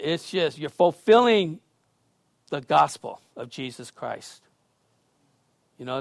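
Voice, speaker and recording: A man preaching a sermon, swinging from loud, emphatic lines to quiet, conversational asides and casual storytelling. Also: on the high side, no room sound, studio quality. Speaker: pastor.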